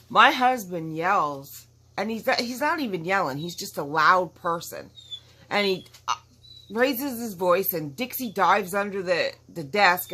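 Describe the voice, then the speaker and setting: A woman with a somewhat low voice chats casually to her viewers from home. She talks in an emphatic, outspoken way and rambles from one point to the next. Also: pushed and bright. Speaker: vlogger. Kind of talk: casual chat to camera. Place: at home with dogs nearby.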